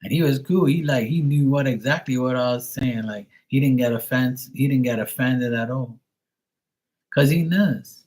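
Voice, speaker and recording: A man from Bermuda, a live tarot reader and streamer, chats casually on his livestream with a mid-range, darkish voice at a moderate pace. He tells stories, swears freely and imitates his friends' slang.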